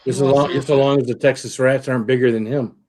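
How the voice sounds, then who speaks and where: Mid-pitched man telling a rambling story. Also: steady tone, fast, darkish tone. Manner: rambling anecdote-telling with restarts and swearing. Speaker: guest. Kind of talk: casual chat.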